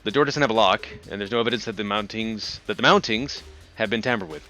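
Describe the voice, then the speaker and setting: A man's voice: lowish voice, quick pace, pushed and bright, faint music behind. A man reading game dialogue aloud during a co-op playthrough, with joking asides. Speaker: let's play host.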